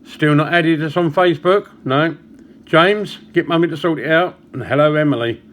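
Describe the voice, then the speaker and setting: A man's voice: on the high side, fairly bright tone. Chatty man telling a joke. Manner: chatty, storytelling with small pauses and chuckles. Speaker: vlogger. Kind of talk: casual joke-telling to camera.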